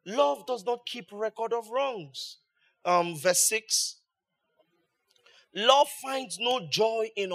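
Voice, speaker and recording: A male pastor with a high-pitched voice delivers a sermon, pressing his points with rhetorical questions and rising emphasis. He speaks as the regular preacher of his congregation. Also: animated, slow pace, gravelly, fairly bright tone.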